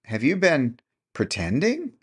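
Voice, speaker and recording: A man's voice: medium pitch, wildly swooping pitch, unhurried, breathy edge, voice pushed up, exaggerated voice. A man voicing a timid, bewildered young woman who speaks hesitantly and stammers.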